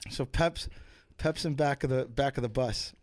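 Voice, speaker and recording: A man's voice: mid-range voice, moderate pace, dry recording. A man on a podcast, telling rambling, profane stories in a casual way and switching voices for the people he quotes. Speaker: podcast guest. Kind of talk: casual storytelling.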